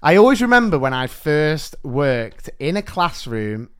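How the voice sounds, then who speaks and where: A man, a teacher co-hosting a podcast, telling anecdotes in an animated, quick way. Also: fairly high pitch, clear, resonant tone. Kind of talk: casual chat, anecdote telling.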